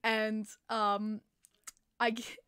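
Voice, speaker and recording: A chatty woman hosts a casual livestream, her voice bright and a little high. She talks loosely, with plenty of fillers, and laughs often. The sound is dry and close to the mic. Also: completely flat delivery, extremely slow, smooth, no echo. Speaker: podcast host.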